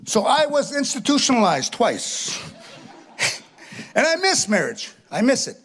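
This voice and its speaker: A man's voice: extremely high pitch, wildly swooping pitch, a little slow, a bit bright, slightly rough. A middle-aged man performing a chatty, self-mocking stand-up comedy set, tagging his lines with "eh". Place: live stage before an audience.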